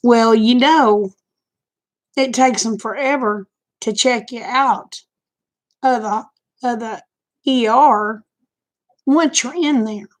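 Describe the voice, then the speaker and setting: Slow-talking folksy grandmother. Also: a little high. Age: older. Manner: folksy, candid, chatty. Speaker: live-stream host. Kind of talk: casual chat storytelling.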